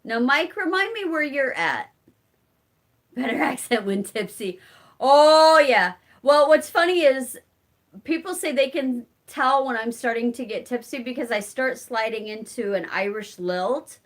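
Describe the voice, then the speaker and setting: A woman's voice: sits high, lively intonation, unhurried. A woman with a Southern Illinois accent hosting a casual live-stream chat, answering viewers by name and laughing often. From Southern Illinois, rural community. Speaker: channel host reading live chat.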